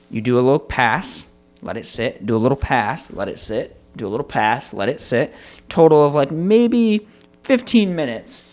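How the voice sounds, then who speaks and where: A man co-hosting a casual podcast, telling a story with lots of swearing. His voice swings widely up and down in pitch as he acts out his own frustration, at a middle pitch for a man. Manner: animated, profane storytelling. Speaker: podcast co-host. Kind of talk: casual chat.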